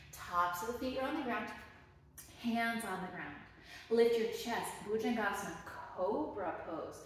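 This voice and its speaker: A woman teaching a children's yoga class, giving gentle, encouraging and playful instructions. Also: mid-range voice, normal speed. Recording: very echoey room, voice from a distance, faint noise.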